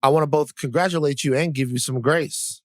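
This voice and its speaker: A man's voice: on the high side, a little fast, no echo, studio quality. A middle-aged man co-hosting a podcast, talking in casual chat that rambles, full of restarts and "you know"s. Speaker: podcast co-host.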